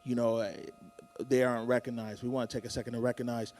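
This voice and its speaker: A man's voice: medium pitch, little pitch movement, quick pace, darkish tone, a little hiss or hum. Casual man hosting a live morning show. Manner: casual, hyping, lists names. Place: theater stage.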